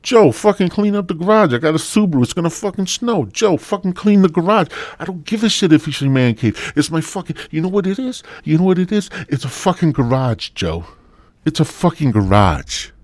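A man putting on a shrill nagging wife. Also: big pitch swings, brisk, dry recording. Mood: scolding. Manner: shrill, scolding, threatening. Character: nagging bossy wife, middle-aged woman.

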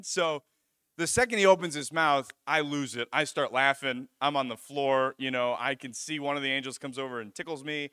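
A young man gives a sermon through a personal story, his voice bright and forward. He tells it with animation, stumbling and restarting as he goes. The sound is dry and close. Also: mid-range voice, moderate pace, smooth, no echo. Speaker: preacher.

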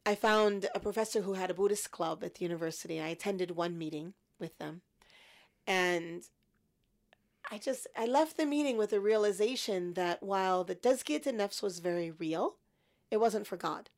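A woman in her fifties recounting her story as an interview guest, reflective and lively when quoting her past thoughts. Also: mid-range voice, normal speed. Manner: reflective, animated in quoted thoughts.

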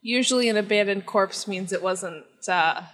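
A woman's voice: medium pitch, normal speed, a bit bright. A woman playing a tabletop game in a joking, playful way. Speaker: player. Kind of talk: casual tabletop play.

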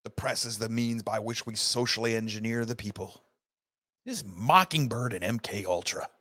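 A man's voice: fairly low pitch, normal speed, bright, forceful tone, dry recording, studio quality. A man hosting a podcast, delivering an angry, sarcastic political rant with heavy emphasis. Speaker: podcast host.

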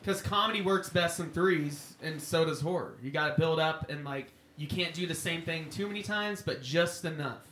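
A man's voice: on the high side, moderate pace, hardly any pauses, a bit bright, a little hiss or hum. Chatty man in an echoey room. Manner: chatty, laughs often. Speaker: podcast co-host. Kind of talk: casual movie commentary chat.

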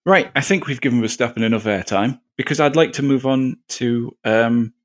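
A man's voice: mid-range voice, moderate pace. A man hosting a casual sports chat podcast, joking and laughing, often tripping over his words. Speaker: podcast host.

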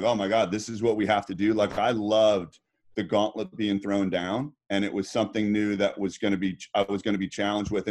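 Middle-aged man telling stories casually. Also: on the low side. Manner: rambling, lots of restarts and fillers. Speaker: guest, former swimmer. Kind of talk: casual storytelling.

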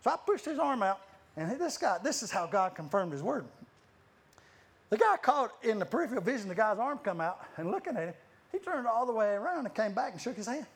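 A man's voice: high-pitched, very animated, brisk, slightly rough. A man preaching a sermon, telling stories with many restarts and frequent laughter. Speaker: guest preacher. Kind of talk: lively sermon storytelling.

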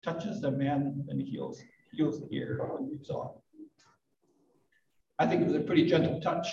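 A gentle, reflective sermon comes from an older pastor at a live church service, sprinkled with soft asides and light self-mockery. He talks at a measured pace with vocal fry, his slightly high voice far from the mic in a dull, roomy recording.

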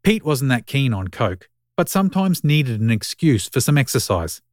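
A man reads a short story aloud in a steady, mid-pitched voice. His narration is even and wry. The recording is close and dry. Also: moderate pace, dry recording.

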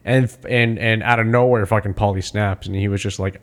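A podcast co-host with a lowish voice talks fairly quickly in a casual movie recap chat. He's animated, recapping a film scene, acting out the characters' lines, and swearing freely.

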